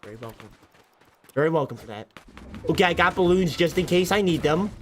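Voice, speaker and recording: A man's voice: fairly high pitch, expressive, a little fast, fairly bright tone, a little hiss or hum. A man streaming a game, chatting casually with goofy, self-mocking banter. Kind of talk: casual gameplay commentary.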